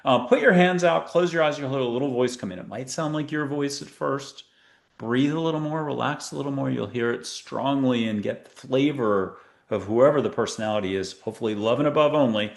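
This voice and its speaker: A man's voice: mid-range voice, a little fast, creaky. A man hosting a spiritual talk show, chatting playfully and rambling as he leads listeners through a guided exercise. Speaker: podcast host. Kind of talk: casual guided meditation chat.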